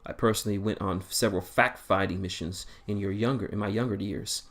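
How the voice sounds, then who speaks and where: Composed starship captain, male, low and measured; a man reads him close to his own voice. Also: steady tone, a bit bright. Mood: probing.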